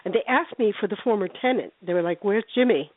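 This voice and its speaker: An older woman telling a story over a thin, tinny phone line, chatty and lively, slipping into little voices for the characters. Her voice sits at a middling pitch and sounds dry and close. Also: quick pace, no room sound. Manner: chatty, animated, acts out voices in her stories. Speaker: paranormal investigator guest. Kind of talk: casual phone interview storytelling.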